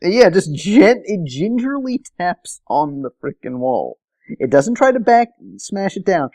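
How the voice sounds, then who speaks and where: A man's voice: high voice, a little slow, dry recording. A man co-hosting a podcast, adding joking comments in casual chat. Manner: joking interjections, lively. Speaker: podcast co-host.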